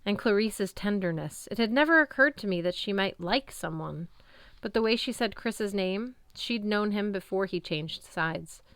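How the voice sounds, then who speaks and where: A woman narrating a first-person audiobook in an expressive storytelling manner. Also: medium pitch, normal speed, clean tone, dry recording.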